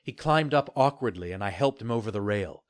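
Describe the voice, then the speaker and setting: A man narrating a children's adventure novel with steady, expressive storytelling. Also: on the low side, a little fast, no echo, studio quality. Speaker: audiobook narrator. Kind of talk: scripted narration.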